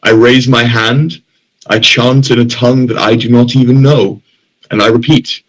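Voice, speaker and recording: A man's voice: mid-range voice, fairly even intonation, normal speed, a bit bright, low-quality recording. A man playing a tabletop game who describes his character's actions in a solemn, dramatic way. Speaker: player. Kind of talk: tabletop play with in-character narration.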